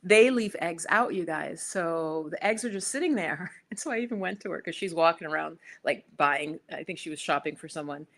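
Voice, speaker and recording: A woman's voice: deep voice, normal speed, few pauses. A woman hosting a spiritual talk, chatting casually with live viewers and acting out little conversations as she tells a story. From United States. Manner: chatty and animated, acts out quoted exchanges. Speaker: spiritual video host.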